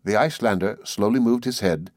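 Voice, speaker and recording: A man's voice: lowish voice, no room sound. Man reading a novel aloud, dry. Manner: measured, even reading. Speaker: audiobook reader. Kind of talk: scripted narration.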